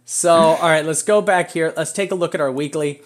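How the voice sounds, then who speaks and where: A man hosting a live stream, talking through trading charts in a rambling, excitable way and laughing often. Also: on the high side, fairly quick. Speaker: crypto chart analyst host.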